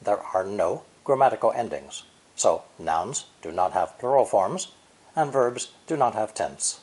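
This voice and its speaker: A man giving a scripted language lesson, explaining each point clearly and repeating sample syllables slowly. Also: lowish voice, expressive, a little mellow. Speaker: language teacher. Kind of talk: scripted educational narration.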